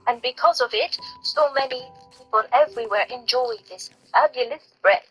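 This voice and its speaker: Woman, short video clip, earnest, overly polite, high pitch, bright tone. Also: normal speed, slightly rough, faint music behind, rough recording.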